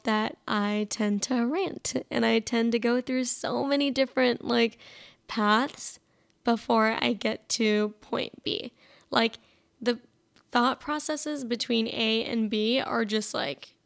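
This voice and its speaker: A young woman with a slightly high voice and vocal fry hosts a solo podcast, talking casually and rambling with plenty of fillers, restarts and self-interruptions.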